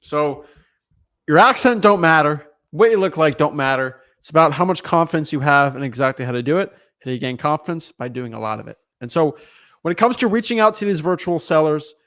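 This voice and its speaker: Energetic young man from England, casual coaching talk, voice a bit high. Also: fast. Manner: energetic, acts out seller calls. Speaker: wholesaling coach.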